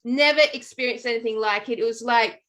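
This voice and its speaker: A woman talks with a slightly high voice in casual conversation. She tells stories in an animated, rambling way, full of fillers and restarts. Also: fairly quick. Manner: animated storytelling with many fillers. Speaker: podcast co-host. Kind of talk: casual chat.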